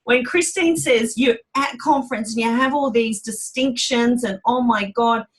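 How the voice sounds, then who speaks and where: A woman hosting a motivational team call, talking in a quick, enthusiastic and animated way. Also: fairly high pitch, low-quality recording. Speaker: call host.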